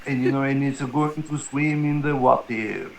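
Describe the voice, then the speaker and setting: A man's voice: medium pitch, normal speed, gravelly, echoey room, low-quality recording. A man chatting casually as a guest, rambling and joking with many fillers. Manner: rambling, filler-heavy, jokey. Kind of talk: casual chat.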